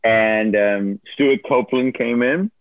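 A man's voice: mid-range voice, slow, dry recording. A man telling a story as a guest in a casual interview, laughing often and acting out other people's voices. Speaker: guest, former producer turned on-air host. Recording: dry tinny phone-like line.

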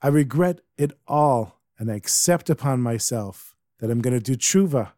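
A man voicing a calm, reassuring old holy master who gives patient instructions. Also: medium pitch, moderate pace, no echo, close to an everyday voice.

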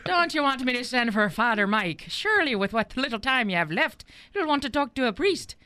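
A woman's voice: on the high side, expressive, brisk, pushed and bright. A woman playing a patient wife tending her dying husband in a radio comedy skit, in a slipping put-on Irish accent, giggling through her lines. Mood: puzzled.

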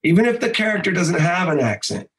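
A man who works in voice acting and improv teaching gives a casual podcast interview full of animation, swearing, and quick shifts into other voices. His voice sits high, and the recording quality is low.

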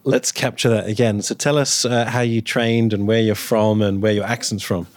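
A man's voice: on the low side, steady tone, moderate pace, no echo. A man co-hosting a podcast, prompting his guest with friendly questions. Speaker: podcast co-host. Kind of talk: casual interview chat.

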